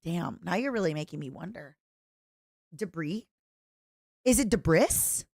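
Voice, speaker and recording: A woman's voice: lowish voice, animated, fairly quick, creaky, a little mellow, dry recording, studio quality. A woman from Eastern Europe streaming, chatting playfully with her chat and often breaking into giggles. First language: French-schooled, non-native English.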